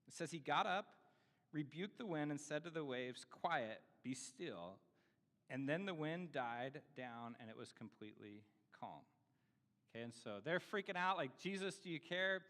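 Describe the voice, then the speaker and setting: Male pastor, fairly high voice, chatty sermon, long church reverb. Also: fairly bright tone. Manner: conversational, self-deprecating, many fillers. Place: church sanctuary.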